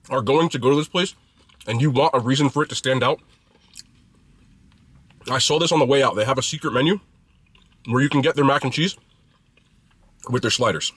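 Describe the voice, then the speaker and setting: A man's voice: mid-range voice, a bit bright, breathy edge. A man casually reviewing food he is eating, chatty and blunt, with loose slangy talk.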